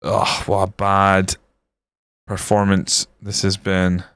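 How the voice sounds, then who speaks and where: A man's voice: deep voice, completely flat delivery, slow pace, gravelly, a bit bright, clean tone, no room sound, clean studio sound. A young man streaming a football management game, grumbling and swearing casually as he comments on his matches. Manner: frustrated, grumbling, swears often.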